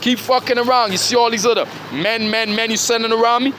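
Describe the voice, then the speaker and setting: A man with a high voice rants in a rambling monologue and keeps throwing out "huh?" at his listener. His talk is confrontational and full of swearing. A faint hiss sits behind the recording. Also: fairly even intonation, quick pace, fairly bright tone. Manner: confrontational, profane, repeatedly says "dog" and "huh".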